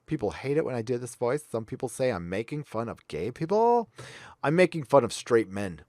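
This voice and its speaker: A man's voice: mid-range voice, sing-song, fairly quick, darkish tone, no echo, studio quality. A man hosting a livestream, reading viewer donations aloud with blunt, profane, sarcastic asides. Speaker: livestream host.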